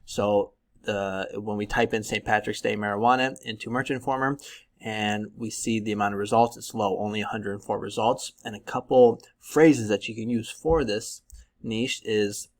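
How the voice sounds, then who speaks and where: Gravelly low-voiced man from California. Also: moderate pace. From Northern California. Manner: relaxed, chatty, with many ums and likes. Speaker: YouTube print-on-demand tutor. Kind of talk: casual screen-share tutorial.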